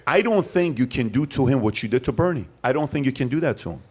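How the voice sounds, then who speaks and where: A man's voice: mid-range voice, quick pace, slightly rough. Emphatic man telling a story. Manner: emphatic, storytelling, animated asides. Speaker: host. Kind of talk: casual podcast chat.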